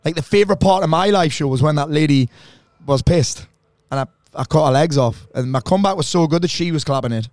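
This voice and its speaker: A man's voice: a little high, quick pace, dry recording. Sweary man, dry sound. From northeast England. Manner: blunt, sweary, animated storyteller. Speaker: mindset coach guest. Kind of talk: casual podcast chat.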